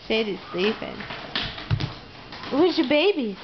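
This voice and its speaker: A woman's voice: on the high side, big pitch swings, slow, dull audio, noisy background. A young mother at home, talking sing-song baby talk and coaxing her toddler, laughing often. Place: family home.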